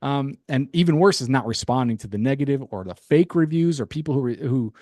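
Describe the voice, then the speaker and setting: A man presenting a sales pitch on a webinar, upbeat, with light chuckles and casual asides. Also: expressive, a little fast, a little mellow, no room sound, studio quality.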